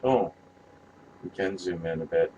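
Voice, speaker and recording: A man's voice: sits low, unhurried, warm tone, lo-fi sound, slight background noise. A man giving casual, rambling commentary, passionate and profane, often restarting his sentences. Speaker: vlogger reviewing movie posters.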